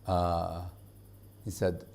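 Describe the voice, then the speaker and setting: A man who is a spiritual teacher, giving a conversational devotional lecture in an informal, halting way, with frequent fillers and chuckles. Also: low-pitched, completely flat delivery, vocal fry, a little mellow.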